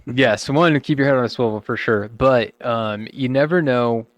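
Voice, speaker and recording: A man's voice: mid-range voice, normal speed, no echo. A man hosting a podcast, giving encouraging advice in casual chat with everyday sayings. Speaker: podcast host.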